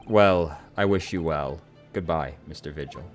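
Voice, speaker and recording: A man's voice: very deep voice, moderate pace, soft background music. A man voicing a polite, earnest young male lawyer in a video game. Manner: courteous, earnest. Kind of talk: reading game dialogue aloud.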